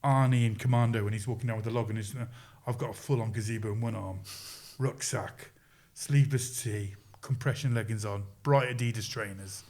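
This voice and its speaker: On a podcast, a middle-aged coach relates a story in a relaxed way, his voice fairly low and a little fast with few pauses. Quoted lines get acted out, and he chuckles through his spirited account.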